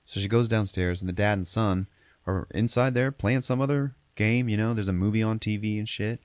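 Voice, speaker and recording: A man with a very deep, low voice recaps a film plot for his podcast, rambling and cursing freely as he goes. The sound is dry and close, with no room around it. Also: a little fast, darkish tone, dry recording. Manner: profane, rambling storyteller. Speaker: podcast host. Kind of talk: casual movie recap.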